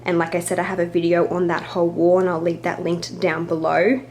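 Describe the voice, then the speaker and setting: Young woman vlogger, slightly breathless, chatty, low-ish register, faint hiss behind. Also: little pitch movement, a little fast, a little mellow. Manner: chatty, apologetic asides. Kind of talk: casual home tour narration.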